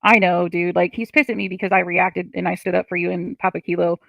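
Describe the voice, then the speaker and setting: A woman's voice: lowish voice, little pitch movement, quick pace, gravelly, a bit bright, dry recording. A woman on a livestream, reading chat comments and ranting in frustration, swearing often.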